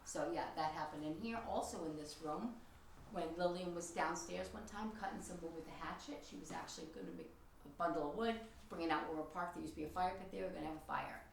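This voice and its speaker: A woman guiding a ghost tour of an old house, telling its stories in a chatty, animated way and quoting the people in them. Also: sits low, fast talker, vocal fry. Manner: chatty, animated storytelling with quoted voices. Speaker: tour guide. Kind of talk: guided ghost tour storytelling. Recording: echoey room, voice from a distance, faint hiss.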